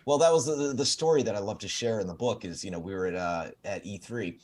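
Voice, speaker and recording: A middle-aged man, a game designer guest, telling animated stories with frequent laughs and lots of "you know" fillers. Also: lowish voice, fast talker, over a noisy crowd. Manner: animated storyteller, laughs often, many fillers. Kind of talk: casual interview storytelling.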